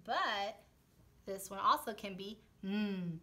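A young woman teaching young children letter sounds, sounding them out slowly in a sing-song way and switching between English and Spanish words. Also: mid-range voice, bright, forceful tone. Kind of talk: early-childhood phonics lesson.

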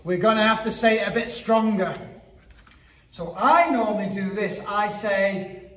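Man, very high voice, upbeat kids' martial arts instructor, echoey hall, far from the mic. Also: unhurried, fairly bright tone. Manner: upbeat and playful, counting drills and joking. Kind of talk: teaching a children's martial arts class to camera.

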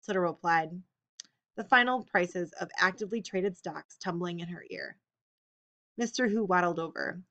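A woman's voice: fairly low pitch, normal speed, lo-fi sound. Woman narrating an audiobook. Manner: steady, expressive storytelling. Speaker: audiobook reader.

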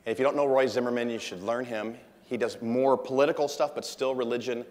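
A man's voice: medium pitch, steady tone, fast, a little mellow, slight background noise. A man giving a casual, jokey conference talk, acting out quotes from an anecdote. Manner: chatty, jokey, acts out quotes. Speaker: conference speaker. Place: large conference hall. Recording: long hall reverb.

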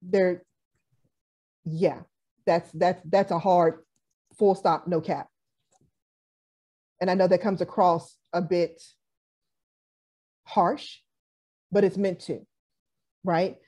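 A woman's voice: fairly low pitch, fairly even intonation, slow pace, long pauses, dark tone, husky. A woman hosting a casual panel discussion, talking frankly and repeating her key points for emphasis. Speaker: panel host.

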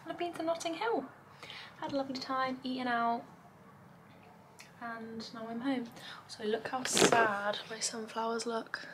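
A young woman from England vlogs at home indoors, rambling casually and sounding tired and overwhelmed. She talks in run-on lists packed with "like," in a voice on the high side at normal speed, with slight background noise.

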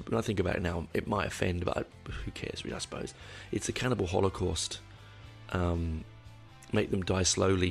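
This podcast host's voice is extremely low, with a rough, creaky texture, and he's doing a relaxed episode on his own. His talk meanders, circles back repeatedly, and is peppered with casual cursing, all over quiet guitar music.

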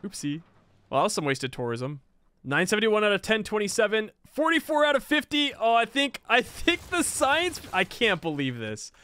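A man giving casual, excitable commentary while playing a video game, exclaiming and laughing at what happens. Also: high-pitched, moderate pace, smooth, no room sound.

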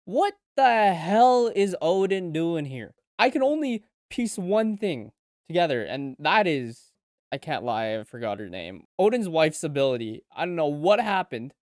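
A man reacting to an anime episode, moving between low muttering and sudden loud outbursts. He stammers, repeats himself and swears freely. His voice sits on a close mic with a dry, echo-free sound. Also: unhurried. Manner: excitable, swings between mumbling and loud outbursts. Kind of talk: casual reaction commentary.

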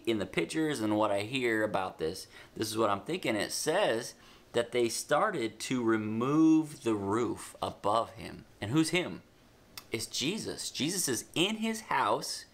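A man with a mid-range voice teaches a children's Bible lesson, retelling the story with animated emphasis and casual asides. When he dictates notes, he slows down.

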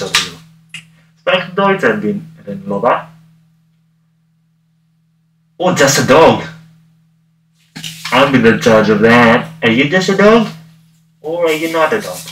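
A man's voice: mid-range voice, a bit bright, lightly acted. A man playing a cocky, mask-muffled Deadpool. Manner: cocky, teasing, talks straight to viewers. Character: wisecracking masked male antihero with a gun. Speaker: cosplayer livestreaming. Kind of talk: in-character livestream banter. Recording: roomy, distant mic, noisy.

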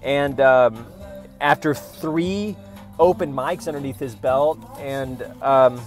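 A man's voice: medium pitch, slow pace, faint music behind. A man from Oklahoma doing a rambling, sarcastic stand-up bit, mocking what he reads with put-on voices. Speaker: comedian.

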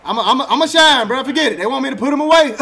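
A man commenting on his own football video game as he plays, excitable and trash-talking, often breaking into laughter. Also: very high voice, racing. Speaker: gaming YouTuber. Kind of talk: live gameplay commentary.

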